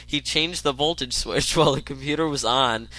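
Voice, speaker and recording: Bright-voiced man reading funny stories aloud. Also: medium pitch, no room sound, poor audio. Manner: chuckles and stumbles, with quick bursts of reading. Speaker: podcast host.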